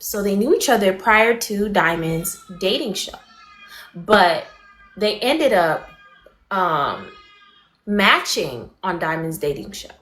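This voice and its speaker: A woman hosting a livestream, giving her viewers a rapid, animated gossip recap and greeting them between sentences. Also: medium pitch, roomy sound. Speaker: livestream host.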